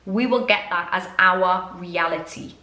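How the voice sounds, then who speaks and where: A woman's voice: fairly low pitch, unhurried, sharp tone. A British woman working as a self-development coach, talking to camera in a chatty, straight-talking, self-deprecating way. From Britain. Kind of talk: casual talk to camera. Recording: echoey room.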